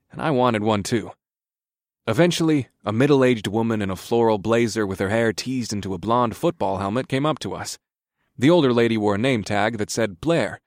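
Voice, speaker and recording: Male narrator, relaxed storytelling, low voice, dry studio sound. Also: no echo. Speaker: audiobook narrator. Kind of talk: scripted first-person narration.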